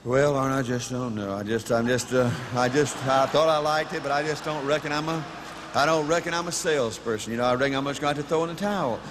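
A man's voice: mid-range voice, fairly even intonation, long reverb tail, noisy background, voice pushed down, close to an everyday voice. A man doing a stammering, defeated coach. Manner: halting, stammering, mumbled. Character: discouraged male football coach, hesitant and defeated.

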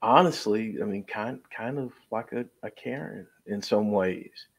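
A man's voice: on the low side, a little slow, creaky, husky. A man co-hosting a podcast in casual chat, careful and hesitant with many restarts. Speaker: podcast co-host.

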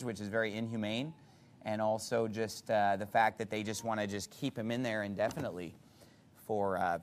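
A male pastor preaching a sermon in a blunt, mocking way, repeating his words for emphasis. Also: mid-range voice.

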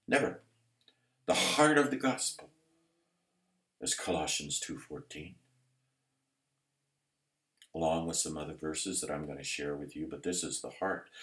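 A man preaching a sermon emphatically, building to loud, intense passages. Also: low-pitched. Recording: roomy echo.

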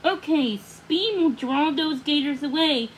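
A woman's voice: sits high, animated, slight background noise, rough recording. A woman voicing a bossy male puffin who coaches a frog in a storybook. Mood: commanding. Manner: brisk, bellowing orders.

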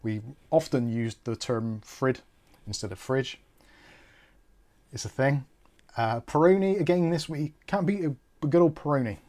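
A man hosts a live tech stream, his voice sitting at an ordinary middle pitch. He rambles and jokes, corrects himself, and strays off topic before steering back. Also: unhurried, pauses often, darkish tone. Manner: rambling, jokey, self-correcting.

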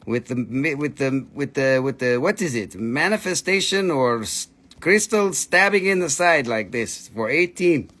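Excitable man hosting a live crystal sale. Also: mid-range voice, measured pace. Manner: excitable, squeals "whee" at prices, non-native phrasing. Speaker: livestream crystal seller. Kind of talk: live sales stream. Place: family crystal shop.

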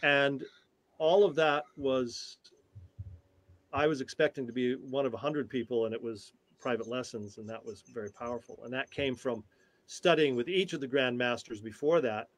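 A man in his sixties, a tai chi teacher and interview guest, telling a story in an animated, halting way with frequent restarts. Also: medium pitch.

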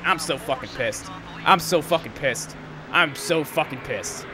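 Over loud game engine noise, a young gaming commentator rants through live gameplay with exasperation and plenty of swearing. His voice is a little high, animated, and brisk.

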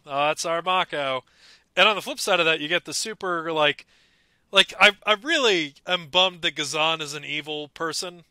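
A young man with a very bright, fairly high voice talks eagerly in a casual podcast chat, and he gets animated as he recaps the scenes. The sound is close and dry, with no room in it. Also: smooth, no room sound. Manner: enthusiastic, animated fan talk. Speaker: podcast co-host.

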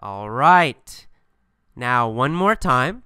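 A man's voice: mid-range voice, very slow, clear, resonant tone, no room sound, clean studio sound. A man teaching English through a funny mini story, asking and answering simple questions with strong emphasis. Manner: animated, repetitive, emphatic questioning.

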